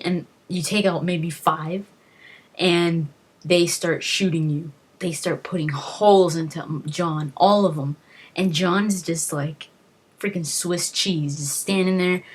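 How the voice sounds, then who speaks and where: Woman, gaming vlog host, casual storytelling, rambling, emotional, fillers and restarts, husky voice. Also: on the low side.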